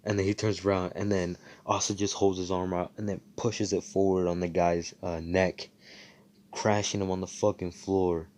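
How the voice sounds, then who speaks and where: A man's voice: low-pitched, level tone, normal speed, darkish tone. A man casually retelling a fan story, rambling and swearing with lots of fillers.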